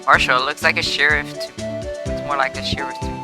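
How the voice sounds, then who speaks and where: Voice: medium pitch, steady tone, fairly quick. Casual live-stream commentary with laughing asides; game music underneath.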